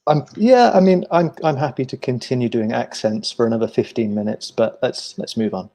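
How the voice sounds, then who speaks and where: A man's voice: medium pitch, a little fast, mellow. A man co-hosting an online English lesson, chatting in a playful, self-deprecating way. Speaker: English teacher co-host. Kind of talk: casual teaching chat.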